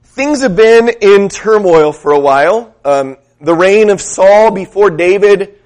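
A man preaching a sermon, telling a story in a relaxed, conversational way and putting questions to the congregation. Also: high-pitched, a little slow.

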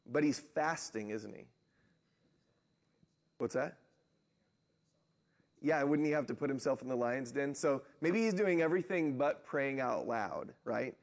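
A man's voice: mid-range voice, darkish tone. A man leading a group Bible study, reading scripture aloud and discussing it conversationally, often tagging on questions like "right?". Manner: conversational, asks rhetorical questions.

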